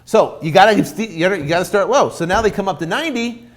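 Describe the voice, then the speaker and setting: A man's voice: high-pitched, fast talker. A man giving informal coaching on real estate deals, acting out both sides of a negotiation. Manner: animated, acts out both sides of a deal.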